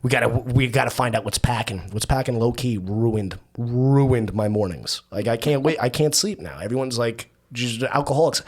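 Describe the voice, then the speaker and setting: Young man, podcast host, casual, profane, rambling storyteller. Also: mid-range voice. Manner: loose, profane, quoting friends in a raised voice.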